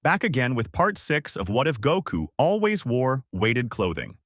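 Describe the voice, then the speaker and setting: A man hosting and reading a fan-made story in a plain, steady narration. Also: medium pitch, normal speed, dry recording, studio quality. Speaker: host.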